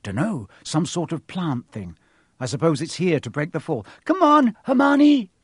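A man voicing a brave, steady young boy in a storybook reading. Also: a little high, normal speed, husky, no echo, studio quality. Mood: urgent.

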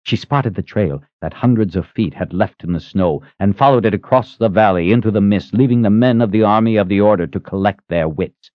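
A man's voice: lowish voice, a little fast, few pauses, no echo. A man reading a fantasy audiobook as narrator, dramatic and shifting his pace. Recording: slightly muffled dry recording.

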